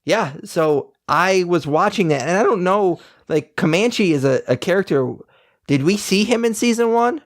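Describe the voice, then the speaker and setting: A man's voice: sits high, lively intonation, normal speed, no room sound, clean studio sound. A young man co-hosting a podcast, giving blunt, rambling opinions in casual review chat. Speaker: podcast co-host.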